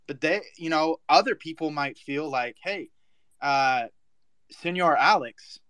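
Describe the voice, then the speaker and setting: A man's voice: on the high side, measured pace, fairly bright tone, clean tone, dry recording. A man on a casual voice chat, explaining points at length and teasing others with sarcasm.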